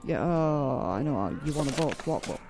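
A man's voice: fairly high pitch, lively intonation, normal speed, creaky. A man giving casual, joking commentary while playing a video game, thinking aloud. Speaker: let's play gamer. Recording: game sounds and music behind.

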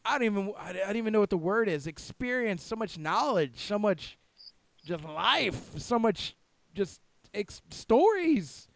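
A man hosting a podcast, talking in an excitable, enthusiastic way and casually tossing in "man" and "dude". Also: high-pitched, measured pace, vocal fry, no room sound. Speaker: podcast host.

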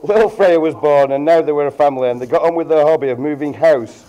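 A man's voice: on the high side, fast talker, noisy background. A middle-aged man giving a wedding toast as the groom's father, reading from notes with dry jokes. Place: wedding reception room.

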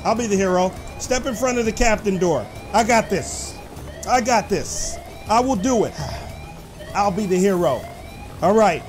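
High-voiced excitable gaming host. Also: male voice, unhurried, noisy background. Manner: excitable, shouts when the action peaks. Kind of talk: excited gameplay commentary.

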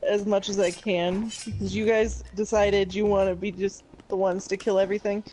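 A woman's voice: mid-range voice, level tone, normal speed, dark tone, poor audio. A woman playing a game with friends, joking casually and giggling. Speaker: co-player. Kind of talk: casual gaming chat.

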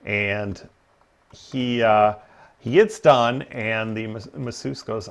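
Gravelly-voiced man chatting on a game stream. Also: lowish voice, slow. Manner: rambling, laughs at own stories, many ums. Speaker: livestream host. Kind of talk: casual gaming stream chat.

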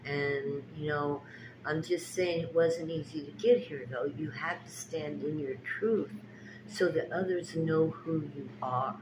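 A woman giving a slow, drawn-out spiritual pep talk and tarot reading. She talks straight to her viewers in an emphatic, preachy, folksy way and repeats her phrases. Steady background noise runs under her voice. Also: low voice. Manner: folksy, direct address to viewers.

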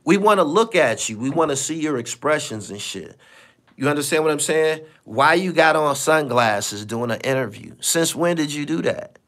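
A podcast host on a live stream speaks in a fairly high, expressive voice with a fairly bright tone, at normal speed. His casual commentary is blunt and full of swearing, and he repeats himself for emphasis.

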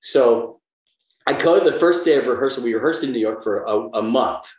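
A man's voice: mid-range voice, moderate pace. A man in his seventies, an actor being interviewed over a video call, telling stories animatedly and acting out the people he quotes. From American South. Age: 70s. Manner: animated anecdote teller who acts out quoted voices. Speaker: actor guest. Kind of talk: casual interview storytelling. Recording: roomy echoey room.

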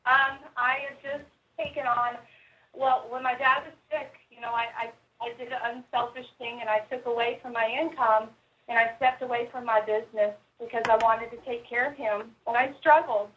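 A woman's voice: fairly high pitch, fairly even intonation, a little hiss or hum. Hesitant female caller on a phone line. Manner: halting, hesitant, restarts often.

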